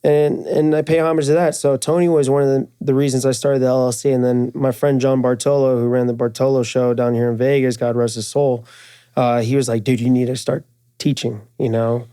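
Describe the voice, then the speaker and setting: A man chatting in an interview at a trade show, full of slang, fillers and the odd swear. His voice is mellow and mid-pitched. He jumps up in pitch when he quotes friends, then drops back to an easy, rambling flow. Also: a little fast, smooth. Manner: animated, acts out quoted friends in raised voice. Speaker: guest, firearms and jiu-jitsu instructor. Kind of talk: casual interview storytelling.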